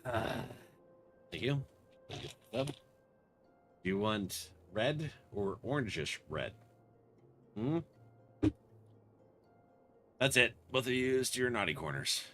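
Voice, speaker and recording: A man's voice: medium pitch, animated, slow, long pauses, a bit bright, faint music behind. A man streaming a game, chatting casually, joking, swearing and laughing often. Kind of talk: casual live-stream commentary.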